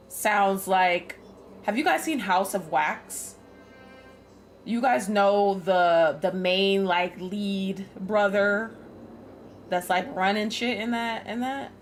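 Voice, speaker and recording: Chatty, laughing woman streamer. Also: mid-range voice. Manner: chatty, swears freely, laughs often. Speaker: game streamer. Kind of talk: casual gameplay commentary.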